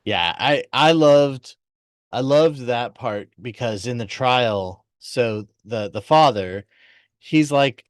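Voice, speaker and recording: A man's voice: mid-range voice, lively intonation, slow pace, no echo, studio quality. A man co-hosting a podcast, chatting enthusiastically about a TV series. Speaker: podcast co-host. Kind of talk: casual chat recapping a TV series.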